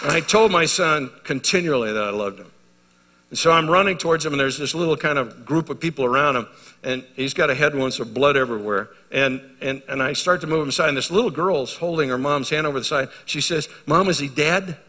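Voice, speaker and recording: A middle-aged male pastor preaching a sermon, telling stories and moving from loud exhortation to hushed intensity. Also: fairly high pitch, brisk. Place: large hall at a men's retreat. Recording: live sermon in a reverberant hall.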